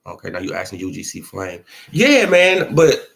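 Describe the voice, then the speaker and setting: With wildly swooping pitch, a gravelly, fairly bright voice and normal speed, a man vlogs boxing commentary. His opinions are casual and slangy, he often asks if you feel what he's saying, and he acts out imagined dialogue with his pitch swinging.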